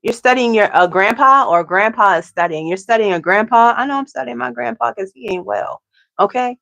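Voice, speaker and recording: A woman's voice: fairly high pitch, brisk, vocal fry, fairly bright tone, muffled recording. A woman giving a casual tarot reading to her viewers, chatty and repetitive, often asking "okay?". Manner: chatty, tags lines with "okay?", repeats herself. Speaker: tarot reader.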